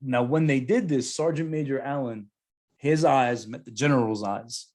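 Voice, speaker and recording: A man in his thirties, a podcast co-host telling a story casually, animated and profane with lots of slang. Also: mid-range voice, moderate pace.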